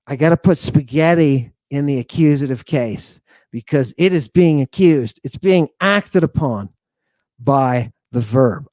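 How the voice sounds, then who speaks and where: A man teaching ancient Greek grammar in a casual, animated lecture, blunt and talking straight to his viewers. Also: mid-range voice, moderate pace, no echo. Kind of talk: casual lecture over slides.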